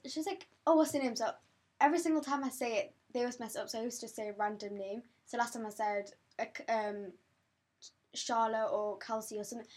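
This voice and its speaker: A young woman from with a fairly high voice chats with friends in a casual podcast. She tells stories with animation and acts out the people in them. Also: darkish tone, husky. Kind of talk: casual chat.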